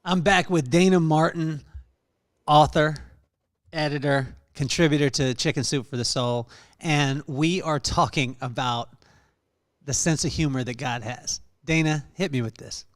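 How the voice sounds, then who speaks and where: Playful male podcast host, higher voice. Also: unhurried, no echo. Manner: playful, joking questions. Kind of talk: podcast interview.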